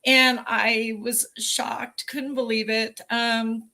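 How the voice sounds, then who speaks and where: A woman's voice: on the high side, flat delivery, slow pace, bright, forceful tone. A woman in her forties, a podcast guest telling an emotional personal story earnestly, with many fillers.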